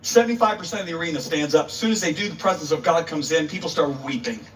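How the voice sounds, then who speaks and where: A male guest preacher tells a story in his sermon, acting out the voices with dramatic emphasis. His voice sits on the high side and moves quickly, picked up by a distant mic with a little hiss or hum.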